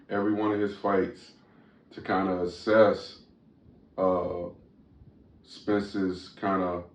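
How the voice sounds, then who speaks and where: A man hosts a podcast in a relaxed, chatty way, stumbling through fillers and restarts. His voice sits very low. The recording is roomy and dull, as if he is some distance from the microphone. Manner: loose and conversational with frequent fillers and restarts. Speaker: podcast host. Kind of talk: casual chat.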